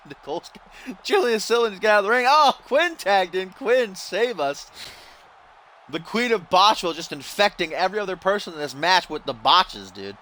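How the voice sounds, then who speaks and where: A young man doing excited, exasperated play-by-play commentary while playing a wrestling video game, laughing at the mistakes. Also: sits high, normal speed, a little hiss or hum. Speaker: gaming YouTuber.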